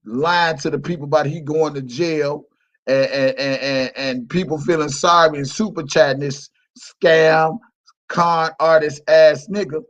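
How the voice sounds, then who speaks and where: Guy with a high voice ranting on his livestream, mocking, repeats himself, swears a lot. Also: unhurried, dull audio. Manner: mocking, repetitive, profane. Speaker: livestream host. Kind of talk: heated livestream rant.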